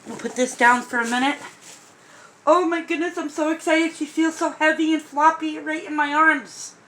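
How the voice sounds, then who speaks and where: A woman filming an excited unboxing vlog, gushing over a doll with gasps and breathless exclamations. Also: high voice, moderate pace, slight background noise, rough recording.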